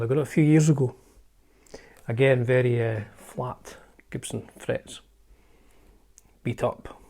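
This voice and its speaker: Scottish man, casual vlog host, mellow tone, wry asides, hedges his facts. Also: mid-range voice. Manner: chatty and wry, often hedging with "I think it is". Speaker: channel host showing his guitar collection. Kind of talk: casual show-and-tell vlog.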